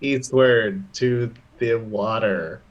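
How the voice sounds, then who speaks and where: Male tabletop player, low voice, slow, halting in-character replies. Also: highs cut off. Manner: hesitant, halting delivery. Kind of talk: in-character role-play.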